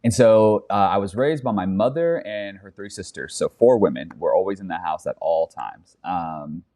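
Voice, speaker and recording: A man from West Texas talking as a podcast guest in a relaxed, measured way. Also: sits low, no room sound. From Southern US, West Texas. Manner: laid-back, measured. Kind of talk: conversational interview.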